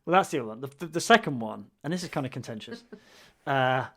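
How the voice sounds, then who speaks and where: A man's voice: medium pitch, animated, fast talker, fairly bright tone. A man co-hosting a podcast in casual chat, with wry, grumbling humor and frequent restarts. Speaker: podcast co-host.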